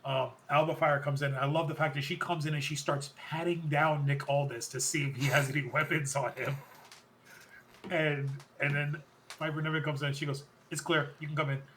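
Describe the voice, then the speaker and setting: Bright-voiced man recapping wrestling casually. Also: a little high, moderate pace, a little hiss or hum. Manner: rambling, self-correcting, excited recounting. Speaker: podcast host.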